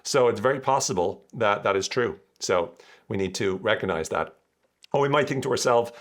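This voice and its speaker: A man's voice: on the low side, expressive, moderate pace. A man hosting a podcast, explaining ideas in a casual, chatty and jokey way. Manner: chatty, jokey, acts out quoted voices. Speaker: podcast host.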